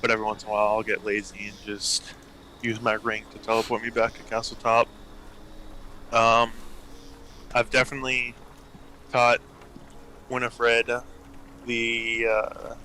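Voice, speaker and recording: A man player in a tabletop game, talking in a relaxed, halting way with lots of ums. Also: medium pitch, slight background noise, poor audio. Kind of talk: casual tabletop play.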